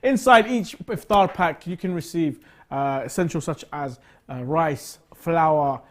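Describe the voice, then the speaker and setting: A man's voice: fairly high pitch, measured pace. A man co-hosting a live charity broadcast, casual and joking, listing items loosely with fillers.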